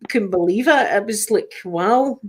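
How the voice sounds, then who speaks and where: A Scottish woman hosts a relaxed livestream chat. She rambles and restarts her sentences often as she talks to her viewers. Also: mid-range voice, moderate pace. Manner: chatty, rambling, frequent restarts. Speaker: livestream host. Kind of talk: casual chat.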